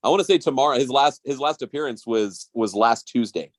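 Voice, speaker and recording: A man with a mid-pitched voice rambles through casual sports talk as a podcast co-host. He restarts his sentences often and laughs easily. The sound is dry and close. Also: fairly quick, no echo.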